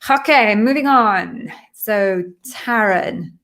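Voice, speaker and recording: A woman from the UK hosting a live Q&A stream from her home office, chatty and quick with self-amused asides. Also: medium pitch, expressive, fairly bright tone. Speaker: host and interview coach. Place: echoey home office being redecorated.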